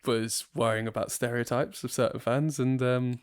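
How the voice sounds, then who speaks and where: A man's voice: medium pitch, steady tone, normal speed, background noise. A young man co-hosting a casual podcast, rambling and laughing often, with frequent restarts. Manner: giggly, rambling, restarts a lot. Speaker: podcast co-host.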